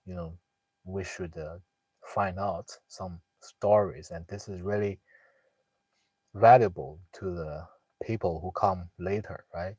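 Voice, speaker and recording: A young man, telling a family story in casual talk with many pauses, fillers and restarts. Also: low-pitched, darkish tone, slightly rough, no echo, low-quality recording. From northeast China. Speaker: guest sharing a personal story.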